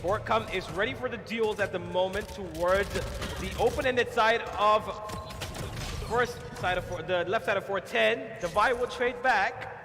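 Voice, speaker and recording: A man's voice: sits high, normal speed. Hyped-up esports play-by-play man. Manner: hype build-ups, bantering. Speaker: esports caster. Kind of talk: play-by-play commentary. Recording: hall reverb with clear noise.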